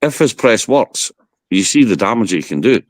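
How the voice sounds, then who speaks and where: A man's voice: lowish voice, sing-song, normal speed, dry recording. A man, a guest on a football podcast, giving blunt, rambling opinions in casual chat.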